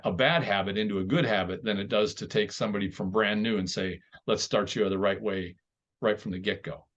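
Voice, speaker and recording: Low-voiced man hosting a podcast, lo-fi. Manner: measured, explanatory, builds points step by step. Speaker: podcast host. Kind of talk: conversational podcast talk. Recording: dull lo-fi sound.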